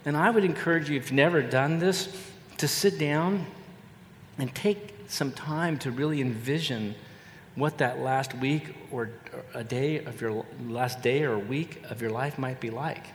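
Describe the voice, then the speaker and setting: A man's voice: medium pitch, a little hiss or hum. Older male pastor preaching in an echoey hall. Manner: earnest, measured, repeats phrases for emphasis. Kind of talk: sermon. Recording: echoey hall with long reverb and faint ambience.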